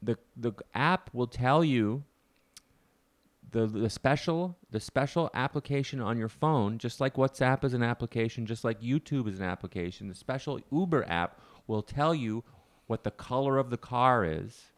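A man's voice: medium pitch, moderate pace. A man hosting a podcast, casually telling a rambling, wry story and often correcting himself mid-sentence. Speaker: podcast host.

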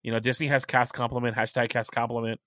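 A middle-aged man hosting a casual chat, talking chattily and stressing key points by slowing down. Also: mid-range voice, little pitch movement, fairly bright tone, dry recording, studio quality. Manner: chatty, emphatic, repeats points slowly for stress.

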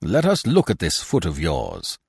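A man's voice: deep voice, wildly swooping pitch, measured pace, creaky, a little mellow, husky, no echo, clean studio sound, full character voice. A man voicing a fat, pompous male theatre-troupe manager who blusters and brags. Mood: blustering. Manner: blustering, self-satisfied.

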